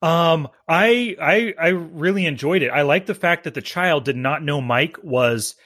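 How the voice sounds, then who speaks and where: A man's voice: on the high side, unhurried, fairly bright tone, dry recording, clean studio sound. A man casually discussing a film as co-host, easygoing and thoughtful, with fillers here and there. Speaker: movie review co-host. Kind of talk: casual movie review chat.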